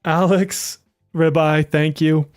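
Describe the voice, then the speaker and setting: A man's voice: fairly high pitch, fairly even intonation, slow pace, darkish tone, smooth, no room sound, studio quality, soft background music. A man streaming a game live, joking and exasperated, often swearing and laughing as he talks to his viewers. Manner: talks to chat viewers directly. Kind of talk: live-stream gaming commentary.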